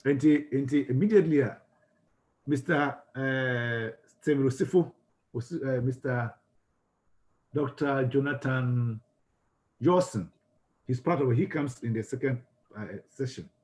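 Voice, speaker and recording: A man with a Ghanaian English accent teaches a class on communication. His voice sits at an ordinary middle pitch. He keeps repeating and restarting words, and he stops to ask his listeners questions. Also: slow pace, pauses often, darkish tone. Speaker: lecturer.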